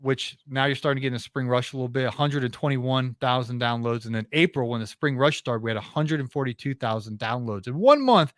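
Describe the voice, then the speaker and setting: A man in a middle-range voice talks earnestly and at length, restarting his sentences as he goes. The sound is dry and close, with no room around him. It is a relaxed, casual interview exchange. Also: mid-range voice, fast, hardly any pauses, dry recording. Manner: earnest, talkative, many restarts. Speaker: podcast host, interview guest.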